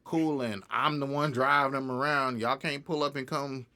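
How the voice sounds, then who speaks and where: A young man, an independent music artist, telling a story in a casual interview. He is animated, laughs often and acts out other people's lines. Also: medium pitch, moderate pace.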